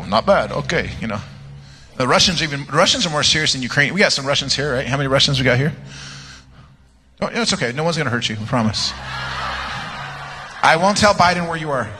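Music and long church-hall reverb fill this recording from a large sanctuary, where a guest speaker from the United States preaches a lighthearted sermon built on personal stories. He rambles playfully and laughs at his own jokes, his voice on the high side with a sharp tone.

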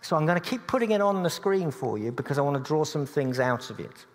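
A man's voice: a little high, expressive, fast. A man preaching a sermon in a church, earnest but with dry humorous asides. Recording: long church reverb.

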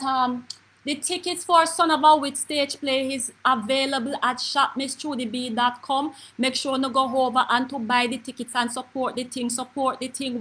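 A woman with a Jamaican accent playing a brash, gossipy auntie, telling stories in a lively comic monologue with quick asides. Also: high-pitched, poor audio. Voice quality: animated patois storytelling, quick asides. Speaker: comedy character host. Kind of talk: live comedic monologue.

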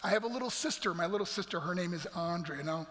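A man's voice: high-pitched, animated, quick pace, sharp tone. A middle-aged man from New York giving an emphatic, dramatic testimony as a guest speaker at church. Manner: dramatic, emphatic storytelling with acted quotes. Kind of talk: motivational testimony. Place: large church hall. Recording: reverberant church hall.

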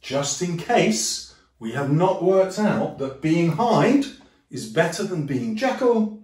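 A male teacher, giving a lively, jokey lesson and acting out quotes in funny voices. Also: sits high, slow pace, recorded from a distance. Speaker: English teacher. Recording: echoey room, voice a little off-mic.

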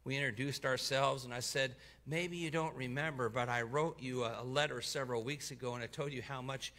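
A man preaching, telling a testimony in the first person and voicing the people in it, going quiet for the sad parts. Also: medium pitch, brisk. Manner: voices the people in the story, dropping soft for sad parts and lifting for excited ones. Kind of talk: sermon storytelling, reading a testimony aloud.

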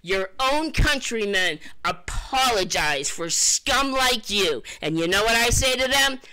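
Scornful woman berating someone, lively voice. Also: a little high, a little slow, poor audio. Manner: insulting, taunting, scornful. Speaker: scambaiter confronting a scammer. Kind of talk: heated phone confrontation.

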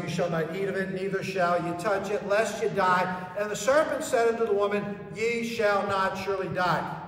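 High-voiced male pastor preaching with rhetorical questions, heard from far off in an echoing church. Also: slight background noise. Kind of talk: sermon. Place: church sanctuary. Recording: echoey hall from far off.

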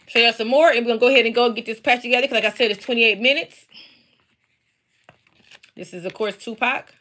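Woman, friendly craft-seller host talking straight to camera, casual live chat, bright tone. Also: a little high, brisk. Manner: chatty, talks straight to viewers. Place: home basement.

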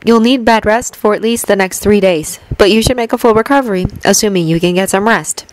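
A woman's voice: medium pitch, brisk, slight background noise, natural voice, low-quality recording. A woman voicing a stern older female healer who gives firm, scolding orders in a raised voice.

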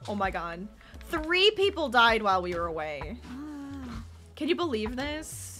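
Brief: a young woman hosting a game stream; excitable, quick to cheer, fairly high-pitched. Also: faint music behind. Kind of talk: let's-play commentary.

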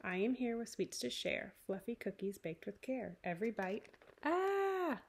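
A woman's voice: mid-range voice, normal speed, gravelly, a little mellow, slight background noise, lightly acted. Woman reading Zogby, a big earnest bear. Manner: sung and spoken storybook voice, earnest. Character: big hairy hopeful male bear cub-grown delivery bear.

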